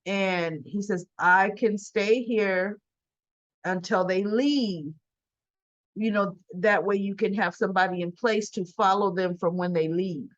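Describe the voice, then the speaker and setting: A woman's voice: medium pitch, steady tone, measured pace, no room sound. Woman, casual soap recap, chatty, acts out dialogue, dry close sound, slightly dull lo-fi. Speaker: soap opera recap vlogger. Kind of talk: casual recap retelling scenes.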